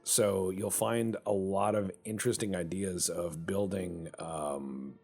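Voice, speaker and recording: A man's voice: low-pitched, fairly even intonation, takes it slowly, gravelly, a little mellow, breathy edge, soft background music. A man chatting casually and rambling while commentating a strategy game, swearing now and then. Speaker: gaming channel host.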